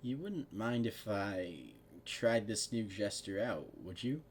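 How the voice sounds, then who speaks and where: A man's voice: on the low side, lively intonation, slow, slight background noise. A man reading the lines of a curious, teasing young human man who lives among ponies, in his own voice.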